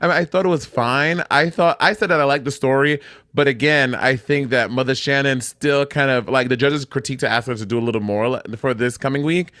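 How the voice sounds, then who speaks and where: A man's voice: mid-range voice, a little fast. A man co-hosting a casual chat, talking in a playful, sassy way. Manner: expressive, playful sass. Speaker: podcast co-host.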